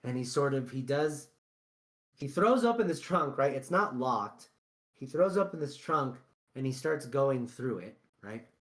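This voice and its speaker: Chatty game master with a lively voice. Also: mid-range voice, measured pace. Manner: loose and chatty, tags lines with "right?" and "like". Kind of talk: narrating a tabletop game.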